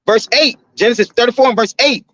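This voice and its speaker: A man teaching from scripture, reading verses slowly and then explaining them in slangy, conversational talk that keeps checking in with "right?". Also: very high-pitched, fairly bright tone, a little hiss or hum. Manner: slows down and lifts his voice to read verses. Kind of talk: reading scripture aloud with casual commentary. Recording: dull, lo-fi, dry sound.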